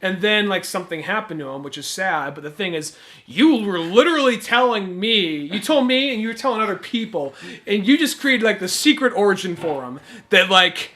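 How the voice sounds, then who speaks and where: A man's voice: sits high, animated, fairly quick, pushed and bright. A young man co-hosting a podcast, telling stories in a rambling way with many fillers and restarts. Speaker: podcast co-host. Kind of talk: casual chat.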